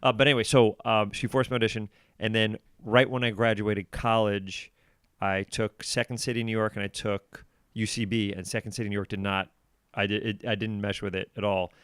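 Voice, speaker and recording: A man in his forties, a comedian guest on a podcast, telling animated stories and acting out what people said. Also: fairly low pitch, a little fast, clear, resonant tone, no echo, clean studio sound. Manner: animated storytelling, acts out quotes. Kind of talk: casual podcast conversation.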